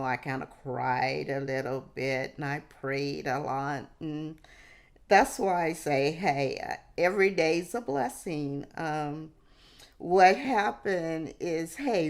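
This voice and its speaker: A woman vlogger telling a personal story to camera in a halting way, often restarting and dropping in "hey". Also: low-pitched.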